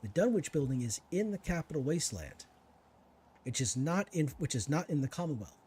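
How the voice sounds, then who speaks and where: A male streamer talks through his game in a loose, chatty way, needling the enemies and musing aloud. His voice is husky and mellow, and his pitch swings widely as he reacts. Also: very animated, fairly quick. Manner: chatty, talks to himself and to enemies while playing. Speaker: gaming streamer. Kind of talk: casual let's-play commentary.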